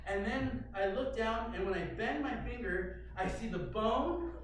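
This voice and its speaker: A man telling a personal story to an audience in animated, dramatic fashion, with sudden loud outbursts. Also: sits high, measured pace, slight background noise. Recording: very echoey room, mic far off.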